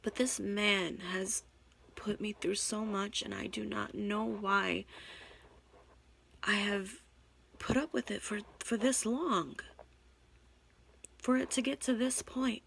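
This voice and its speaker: A young woman talking straight to her camera in an emotional confessional vlog, tearful and halting, repeating herself and sighing. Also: medium pitch, fairly even intonation, creaky, fairly bright tone, a little hiss or hum. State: tearful, on the verge of crying. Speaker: vlogger. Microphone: camera mic.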